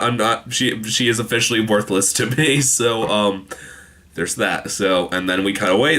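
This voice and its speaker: A young TV show reviewer gives a casual, rambling episode recap, stumbling through fillers and restarts while quoting characters in quick voices. His voice is mid-range, bright and forceful.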